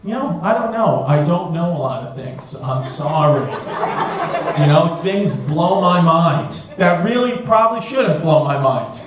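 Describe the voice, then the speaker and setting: A man's voice: fairly high pitch, expressive, measured pace. A man doing stand-up comedy in a club, rambling and swearing as he banters with the crowd. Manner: profane, rambling, self-mocking banter with the audience. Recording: echoey club with audience noise.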